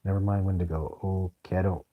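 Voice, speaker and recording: A man's voice: low-pitched, flat delivery, brisk, phone-quality sound. A man hosting a live stream, answering viewer questions in a rambling, enthusiastic way. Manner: rambling, enthusiastic, often exclaims. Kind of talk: live stream Q&A, casual chat.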